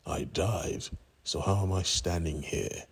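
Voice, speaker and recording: A man's voice: deep voice, slow pace, vocal fry, husky, heavily acted. A man voicing a frightened young woman who has just been turned into a vampire, asking panicked questions in a story recap. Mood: scared.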